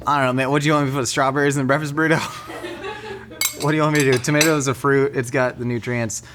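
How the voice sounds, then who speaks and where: A man hosting a cooking show, chatting in a jokey, rambling way while he cooks. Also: medium pitch. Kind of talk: casual cooking chat. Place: studio kitchen.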